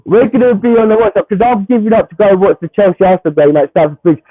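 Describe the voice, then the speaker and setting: A Chelsea-supporting man argues football in heated banter, repeating himself and cutting in. His voice sits high and comes through a thin, tinny phone line with no room sound. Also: racing, no room sound. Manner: animated, repeats himself, talks over others. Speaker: guest, Chelsea fan.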